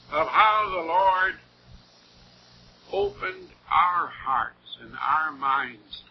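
A man preaching in a slow, heartfelt sermon, his fairly high voice rising and falling a lot as he leans on key words. The recording is dull and lo-fi, with a faint hiss behind him.

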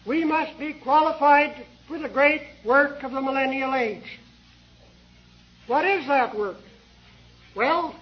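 Slow, high-voiced male preacher. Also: lo-fi sound. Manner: slow, deliberate, with many pauses. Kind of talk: sermon.

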